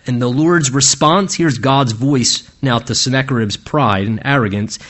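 A man's voice: medium pitch, normal speed, few pauses, a bit bright. A man preaching an expository sermon, earnestly explaining scripture verse by verse, often restarting and repeating words as he goes. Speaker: pastor.

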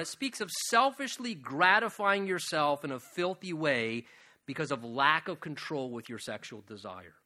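A man's voice: high voice, bright, forceful tone. A man preaching a sermon, earnest and direct, building to emphatic appeals to his listeners. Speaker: pastor.

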